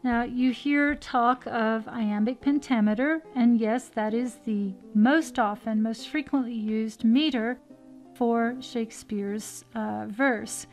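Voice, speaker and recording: Slow, measured woman lecturing on verse. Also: on the high side, darkish tone, soft background music. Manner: measured, explanatory, reads verse lines slowly with stress. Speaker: teacher. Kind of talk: recorded lecture on verse meter.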